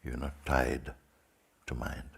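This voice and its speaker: A man as a spiritual teacher leading a guided meditation in slow, sparse phrases with long pauses. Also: extremely low pitch, flat delivery, vocal fry, fairly bright tone, husky.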